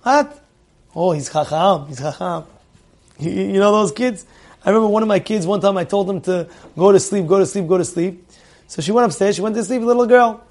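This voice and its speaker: A middle-aged man teaching a Torah class, animated, repeating phrases for emphasis, asking his listeners questions and using Hebrew terms. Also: sits high, a little fast.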